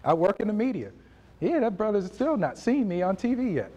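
A man in his forties giving a motivational speech at a university event, telling his story with animated delivery and acting out conversations. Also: high voice, fairly quick, lo-fi sound. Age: 40s. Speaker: motivational speaker.

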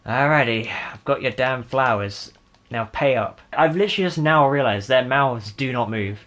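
A man's voice: mid-range voice, moderate pace, a bit bright. Sarcastic man doing game commentary. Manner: sarcastic, jokey, talks to himself and viewers. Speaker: gaming YouTuber. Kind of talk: casual gameplay commentary.

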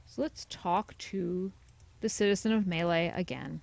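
A woman's voice: on the low side, animated, moderate pace, creaky, a little mellow, dry recording. A woman giving casual, chatty commentary over a video game playthrough, sarcastic and swearing freely. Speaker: let's play commentator. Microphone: desk USB headset mic.

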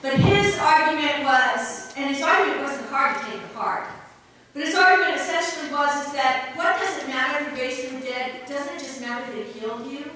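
Bright-voiced woman preaching in echoey church. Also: high-pitched, fairly quick, a little hiss or hum. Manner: earnest preaching, swinging between emphatic and hushed. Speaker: pastor. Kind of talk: sermon. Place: church sanctuary. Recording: echoey church hall from far off.

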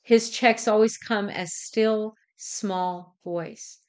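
Slow, deliberate woman reading a devotional. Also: medium pitch, fairly even intonation, darkish tone. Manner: measured, deliberate delivery with occasional self-corrections. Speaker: devotional host.

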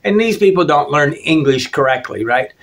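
A man's voice: a little high, animated, normal speed, fairly bright tone. Rambling opinionated American man. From United States. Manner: opinionated, rambling with frequent restarts and "okay?" checks. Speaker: travel vlogger. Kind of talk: casual spoken monologue.

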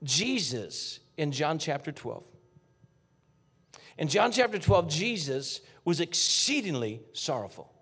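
Husky, animated man preaching. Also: on the high side. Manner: fervent, swinging from shouts to hushed whispers; folksy, addresses congregation directly. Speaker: guest preacher. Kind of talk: sermon. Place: church sanctuary.

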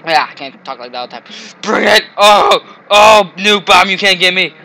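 A man playing a video game and commenting, excitable, often shouting and taunting the enemies on screen. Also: high voice, moderate pace, creaky, crowd noise, low-quality recording. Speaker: gamer. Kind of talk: let's play commentary.

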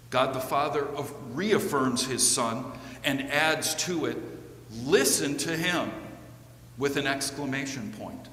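Slow, measured man preaching in a church. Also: mid-range voice, bright, forceful tone. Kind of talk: sermon. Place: church sanctuary. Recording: echoey church with long reverb, faint hum.

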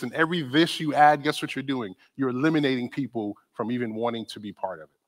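A man giving a conference talk on church ministry, conversational and animated, often asking the audience questions. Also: medium pitch, fast talker. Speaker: conference speaker on disability ministry. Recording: long hall reverb.

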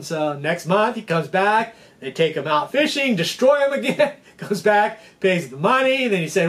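A fishing guide who hosts a fishing channel tells history as a casual, rambling lesson, his high, fairly bright voice sing-song and moderately paced. He's chatty and keeps checking in with his listeners by asking "okay?"

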